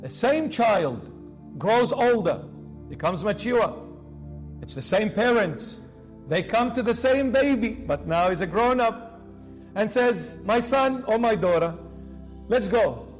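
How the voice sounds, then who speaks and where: A man's voice: high-pitched, expressive, slow, soft background music. A man preaching a sermon with dramatic emphasis, acting out the voices of the people he quotes.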